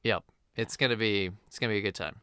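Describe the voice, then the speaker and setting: A man's voice: lowish voice, fast talker, sharp tone, smooth, dry recording, studio quality. A male podcast co-host in casual movie chat, enthusiastic and full of "like" fillers.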